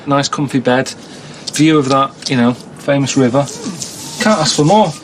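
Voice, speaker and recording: A man, deadpan and moaning as he talks through his travels in a documentary. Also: mid-range voice, unhurried, slight background noise. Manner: deadpan, moaning, self-pitying. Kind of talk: grumbling documentary monologue.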